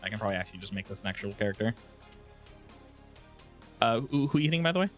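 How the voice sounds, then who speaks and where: A man running a tabletop game as game master, narrating in a relaxed way with frequent restarts. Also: lowish voice, racing, soft background music.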